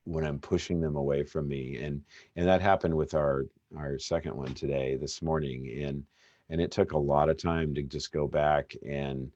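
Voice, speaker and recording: A man in his thirties, a pastor, giving a casual devotional talk in a relaxed, rambling way with many fillers and restarts. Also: rumbling low, moderate pace, no echo, lo-fi sound. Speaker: pastor hosting a Bible study.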